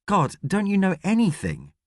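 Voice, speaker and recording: A grumpy, sarcastic middle-aged astronaut, as a man reading an audiobook puts him on, voice lifting sharply as he snaps back. Recorded dry and close, with a lively, swinging pitch. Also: normal speed, dry recording, full character voice. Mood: exasperated. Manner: sarcastic, exasperated.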